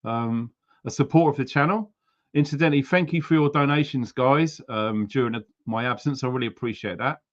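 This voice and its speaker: A man's voice: medium pitch, a little fast, muffled recording. A man hosting a casual livestream, greeting viewers by name and place in a chatty way with frequent ums. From United Kingdom. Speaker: livestream host.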